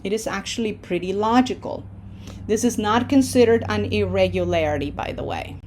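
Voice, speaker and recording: A woman's voice: mid-range voice, moderate pace, a little mellow, slight background noise. A woman teaching Spanish verb forms in English, explaining patiently step by step and checking in with "okay?". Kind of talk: online language lesson.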